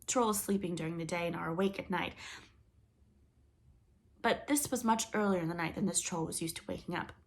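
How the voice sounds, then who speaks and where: A woman reading a children's story aloud with expressive storytelling. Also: fairly low pitch, a little fast, long pauses. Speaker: storybook reader.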